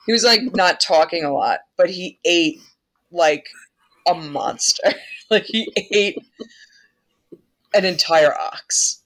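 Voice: medium pitch, slow pace, long pauses, a bit bright. A podcast host retells an old myth in a loose, irreverent way. The delivery is chatty, with frequent laughter and the odd swear word.

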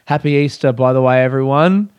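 A man's voice: medium pitch, brisk, darkish tone, clear, resonant tone, no echo, lo-fi sound. A young Australian man doing a rambling, profane, self-mocking comic monologue in casual chat. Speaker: comedian.

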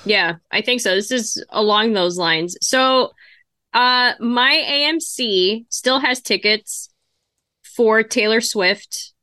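A woman's voice: a little high, takes it slowly, sharp tone, no room sound, studio quality. A woman co-hosting a podcast in casual chat, thinking aloud as she goes. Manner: chatty, thinks aloud while browsing ticket sites. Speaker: podcast co-host.

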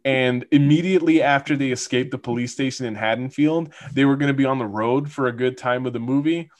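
A man's voice: medium pitch, a little fast. A man co-hosting a casual podcast, rambling with many fillers and laughing often. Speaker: podcast co-host. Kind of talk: casual chat.

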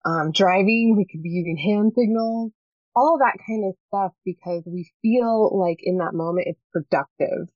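A woman's voice: medium pitch, a little mellow, dry recording. A woman, a podcast guest talking earnestly about parenting and often checking in with "right?". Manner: earnest, talks in quick bursts with many "right?" checks. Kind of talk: casual podcast chat. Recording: dull, slightly lo-fi dry sound.

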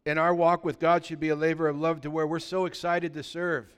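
A man preaching a sermon as pastor, swinging between loud, excited bursts and quiet, low asides. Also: fairly quick, smooth.

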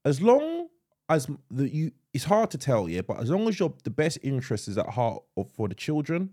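A man's voice: fairly high pitch, huge pitch swings, moderate pace, dark tone, breathy edge. A British man in his thirties co-hosting a casual podcast chat, swearing freely and often tripping over and repeating his words. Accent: British English. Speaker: podcast co-host.

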